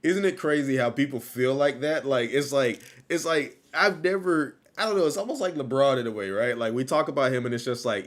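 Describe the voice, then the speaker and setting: A man hosting a casual livestream, talking loosely and repeating his phrases, still low on energy after an illness. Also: lively intonation, fairly quick, few pauses. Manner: loose, rambling, repeats phrases, laughs easily. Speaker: livestream host.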